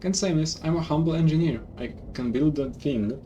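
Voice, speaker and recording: A man's voice: fairly high pitch, moderate pace, mellow, a little hiss or hum, voice pushed up, natural voice. A man voicing a humble, folksy male engineer in a game who talks in a drawl and calls people "miss". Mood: puzzled.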